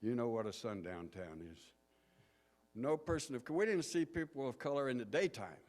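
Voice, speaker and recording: A man's voice: mid-range voice, big pitch swings, a little mellow. Folksy male pastor in a big hall. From southern Indiana, USA. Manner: folksy, anecdotal, unhurried. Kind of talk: sermon storytelling. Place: church sanctuary. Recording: long hall reverb.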